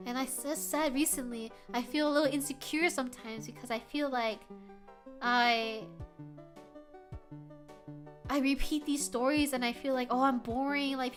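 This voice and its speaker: A young adult woman streamer chatting casually with her viewers, loud and animated, often yelling and laughing, with a sore throat. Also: sits high. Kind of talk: casual live-stream chat.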